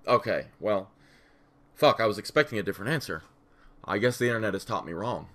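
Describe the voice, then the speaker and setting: Deep-voiced, animated man in casual chat. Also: a little fast. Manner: scattered, profane, animated, with vocal fry. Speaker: podcast co-host.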